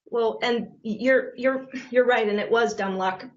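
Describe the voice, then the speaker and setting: Woman real estate agent, animated podcast guest with a higher voice, muffled recording. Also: unhurried. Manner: animated, laughs often, acts out quotes. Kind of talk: casual podcast conversation. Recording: muffled lo-fi audio.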